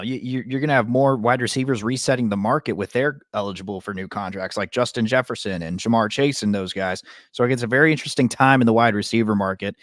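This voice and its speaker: A man co-hosting a sports podcast in a relaxed, rambling way with many fillers. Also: lowish voice, no echo, clean studio sound. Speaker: sports podcast co-host and radio reporter. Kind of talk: casual chat.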